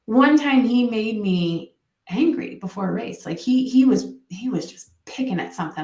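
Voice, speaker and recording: A woman who works as a mental performance coach, a podcast guest telling stories in a lively way and acting out what people said. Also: mid-range voice, a little fast, roomy sound. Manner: animated storytelling, acts out quotes. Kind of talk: podcast interview guest, casual chat.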